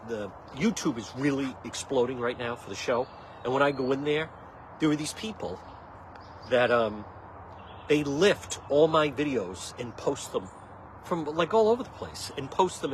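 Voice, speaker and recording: Man hosting a livestream, rambling, indignant, joking, lively swooping pitch, faint background noise. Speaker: livestream host. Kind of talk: casual livestream chat.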